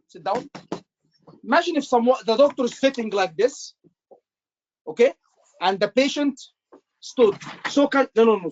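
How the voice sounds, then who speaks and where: A man teaching an exam class live, animated and repetitive, acting out doctor lines for his students. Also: very high voice, a little hiss or hum. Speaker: exam tutor. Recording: muffled lo-fi class recording.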